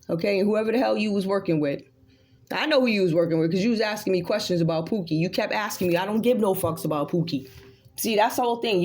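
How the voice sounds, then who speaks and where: A woman's voice: mid-range voice, a little mellow. A woman giving a casual tarot reading that turns into a blunt, profane rant aimed straight at an unseen rival. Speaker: tarot reader.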